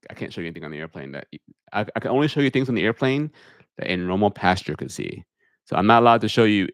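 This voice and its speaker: Using his adopted public speaking voice, a pilot reads out viewers' questions and gives plain answers during a casual live stream from his green-screen home media room. The fairly low voice comes through a holder-mounted studio microphone, clean and echo-free.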